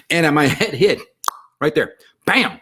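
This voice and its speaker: A man telling a personal story in casual conversation, animated and self-deprecating. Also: medium pitch, a little fast.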